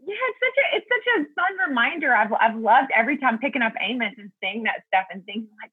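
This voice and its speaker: A woman's voice: a little high, lively intonation, brisk, hardly any pauses, breathy edge, dry recording, phone-quality sound. A woman guest talking earnestly and thoughtfully about Bible study in a casual faith chat, laughing easily.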